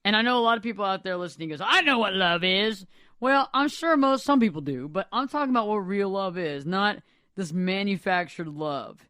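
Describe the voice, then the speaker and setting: A high-pitched man hosting a radio talk show from a studio mic. He chats animatedly and laughs easily. The sound is dry and close. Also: animated, brisk, a bit bright, clean tone, no echo. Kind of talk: casual radio chat.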